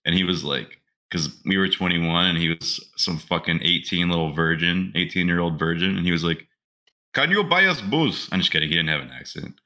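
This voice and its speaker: A man's voice: sits low, steady tone, a little fast, few pauses, bright, forceful tone. A man in his twenties, a podcast co-host, telling crude stories in brash, profane casual banter.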